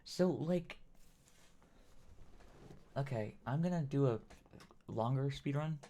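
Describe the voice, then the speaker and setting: A man's voice: medium pitch, animated, slow pace, mellow. A man streaming a horror game, rambling and hesitant in casual commentary. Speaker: gaming streamer. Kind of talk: casual let's-play commentary.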